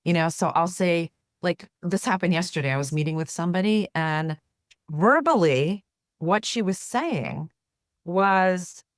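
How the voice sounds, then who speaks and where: Earnest lower-voiced woman therapist. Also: expressive, unhurried, no room sound, studio quality. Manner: earnest, explanatory, tags points with "right?". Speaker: therapist and author, podcast guest. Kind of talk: conversational interview.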